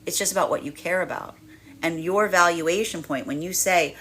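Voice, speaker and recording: A woman's voice: low-pitched, normal speed, slight background noise. Rambling woman giving a tarot reading. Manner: rambling, self-correcting, animated when voicing others. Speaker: tarot reader. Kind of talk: daily tarot energy reading.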